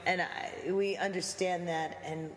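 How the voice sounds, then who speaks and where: Woman, interview guest, reflective, preacherly, lowish voice, echoey room, faint background noise. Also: fairly even intonation, a little slow. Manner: reflective, preacherly, quotes scripture. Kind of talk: conversational interview. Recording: echoey room with long reverb and faint ambience.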